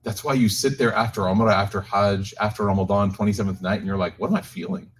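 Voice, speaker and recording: A fast-talking man with a lowish voice leads a Quran reflection for a community group, live-streamed from the gathering. His casual religious talk is animated and packed with jokes and personal stories, told directly to his listeners.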